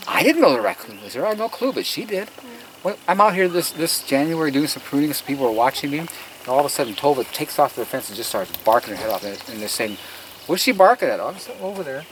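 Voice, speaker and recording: A man's voice: medium pitch, lively intonation, fast, a bit bright, poor audio. A man giving an outdoor tour of his garden, telling stories in an earnest, emphatic way with preacher-like asides. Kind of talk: casual storytelling while giving a tour. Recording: outdoor noise on a field recording.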